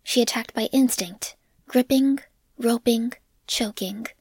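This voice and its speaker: A woman narrating a story in a measured voice that drops to a whisper on grim passages. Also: on the high side, darkish tone, slightly rough, no room sound. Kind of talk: audiobook narration.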